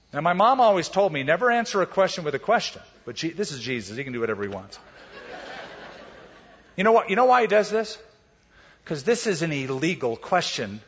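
A man, preaching a sermon as a pastor and telling it with lively storytelling. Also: a little high, breathy edge. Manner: animated storytelling, acts out quotes. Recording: dull, echoey hall recording.

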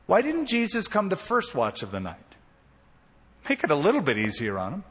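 A man preaches a sermon from the pulpit, telling the story animatedly with swings between emphasis and quiet asides. His voice sits a little high and sounds a bit husky. It rings out with a long reverb in a church sanctuary. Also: wildly swooping pitch, moderate pace. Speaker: pastor.

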